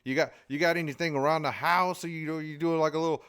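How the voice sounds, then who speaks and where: A man's voice: fairly high pitch, fairly even intonation, fast, fairly bright tone, clean tone. Male podcast host, drawl, folksy, joking, casual interview chat. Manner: joking, folksy, lots of restarts.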